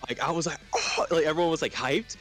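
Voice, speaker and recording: A young man hosting a casual chat, telling stories with animated acted-out shouts and quotes. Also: on the high side, rapid-fire, faint music behind. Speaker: host.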